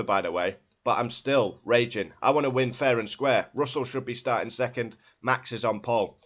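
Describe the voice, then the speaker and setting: A man at a middle pitch rants alone to his audience, furious and indignant, hammering short clipped phrases and swearing again and again. The recording is a little dull and lo-fi. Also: a bit bright. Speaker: motorsport fan channel host. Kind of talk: angry solo rant to camera.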